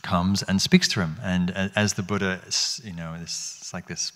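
Deep-voiced man giving a reflective dharma talk. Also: steady tone, normal speed, fairly bright tone, long reverb tail. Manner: reflective, many questions to the audience, frequent restarts. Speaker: meditation teacher.

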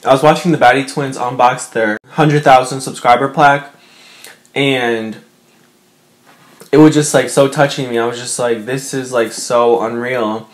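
A man's voice: medium pitch, fairly even intonation, normal speed, long pauses. Young guy vlogging from his bedroom, rambly and emotional, lots of likes and um. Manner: emotional, rambling, many fillers. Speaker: mukbang vlogger. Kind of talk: casual chat to camera.

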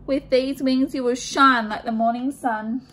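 A woman's voice: high-pitched, steady tone, a bit bright, a little hiss or hum. Woman doing a gushing glamorous bird stylist. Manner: gushing, drawn-out, calls everyone darling.

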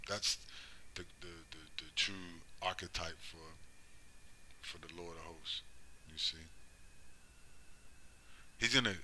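A man preaching about prophecy in a rhetorical, emphatic way, who keeps asking "right?" and "you see?" and slows down to stress scripture. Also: low voice, sharp tone, a little hiss or hum. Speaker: religious commentator.

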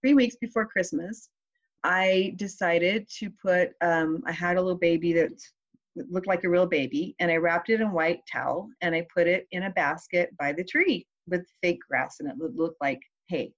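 Mother guest telling a heartfelt story with halting pauses; slightly dull, muffled clip. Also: fairly low pitch. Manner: heartfelt, hesitant, with pauses and restarts. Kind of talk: personal storytelling.

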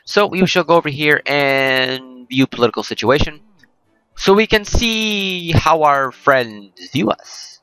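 A man's voice: on the high side, animated, measured pace, pushed and bright, smooth, no echo, rough recording. A man hosting a let's play, giving rambling, jokey gameplay commentary and often correcting himself.

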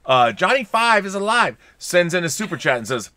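Bright-voiced man co-hosting a chat show. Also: sits high, big pitch swings, fairly quick, no room sound. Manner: jokey, reads super chats aloud. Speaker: podcast co-host. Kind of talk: casual chat reading viewer comments. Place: home studio with collectibles.

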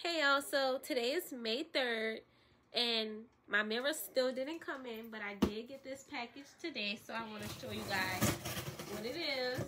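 A young woman about nineteen talks straight to her phone camera in a relaxed, upbeat vlog, sprinkling in plenty of "like." Her voice sits a bit high. There is clear background noise across the phone recording. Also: measured pace. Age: young adult, about 19. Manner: chatty and upbeat, loose with many "like" fillers. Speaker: vlogger. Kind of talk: casual vlog chat to camera.

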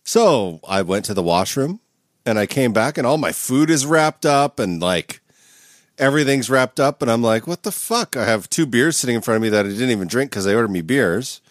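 A man's voice: medium pitch, lively intonation, brisk, dry recording, clean studio sound. A man co-hosting a podcast over a video call, telling a wild story with lots of swearing and laughter. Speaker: podcast co-host. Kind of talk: casual chat, storytelling.

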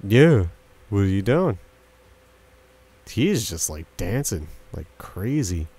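A man's voice: on the low side, big pitch swings, takes it slowly, dark tone, husky. A young man giving casual gameplay commentary, chatting with game characters and breaking into yelps and silly sound effects. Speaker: let's play commentator.

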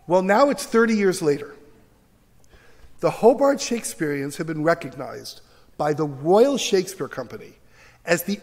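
A middle-aged man, a teacher, giving a passionate lecture in a university auditorium and acting out the voices of his critics. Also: sits high. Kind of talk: animated public lecture. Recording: long hall reverb from the auditorium.

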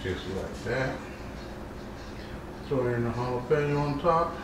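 A man hosting a casual cooking vlog, relaxed and chatty, talking while he plates and eats his food. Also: mid-range voice, measured pace, roomy sound, background noise. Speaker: cooking channel host.

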